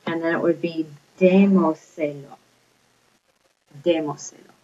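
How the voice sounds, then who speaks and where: A woman's voice: deep voice, steady tone, a little slow, slight background noise. A woman teaching a Spanish grammar lesson, explaining patiently step by step and checking in with her students. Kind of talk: recorded classroom lecture. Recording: dull lo-fi recording.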